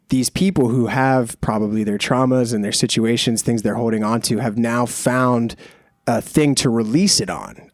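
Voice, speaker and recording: A man's voice: mid-range voice, a little mellow, dry recording, studio quality. A man hosting a podcast, talking in a casual, reflective and self-deprecating way. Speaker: podcast host.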